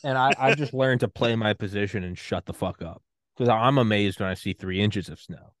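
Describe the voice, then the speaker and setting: A man's voice: lowish voice, fairly quick, dry recording. A man hosts a laid-back podcast chat. He swears freely and animates his stories with quoted voices, recorded close and dry with no room sound. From US state of Georgia. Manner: profane, animated storytelling with acted-out quotes. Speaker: podcast host. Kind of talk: casual chat.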